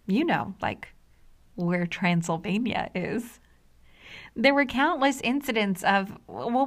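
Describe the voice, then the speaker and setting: A woman in her forties from the US hosting a scripted explainer podcast, wry and conversational with dry humor. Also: medium pitch. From United States. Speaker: podcast host.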